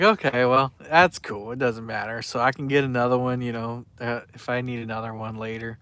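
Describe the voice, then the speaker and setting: A man with a drawl talks casually through a long fishing live stream. His pitch sits in an ordinary middle range, and he rambles along, greeting viewers by name. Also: steady tone, fairly quick, hardly any pauses, fairly bright tone, clean tone, no echo. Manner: rambling, chatty, reads out viewer names. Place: outdoors by the water at night.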